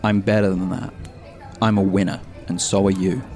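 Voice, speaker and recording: A man's voice: deep voice, flat delivery, moderate pace, a little mellow, faint music behind, some chatter behind. A man voicing a young man regaining his confidence, speaking plainly and firmly. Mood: resolute. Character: confident young man, rattled but rallying.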